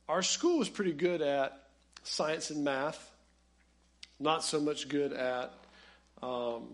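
A pastor preaching a conversational, animated sermon that speaks straight to his congregation. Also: a little high.

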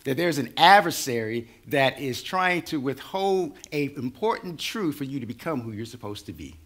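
A man's voice: mid-range voice, animated, normal speed, fairly bright tone. A man preaching a sermon in a conversational, teaching style. His voice sits in a middle range and now and then builds with force as he drives a point home. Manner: conversational preaching, rising in intensity. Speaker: pastor.

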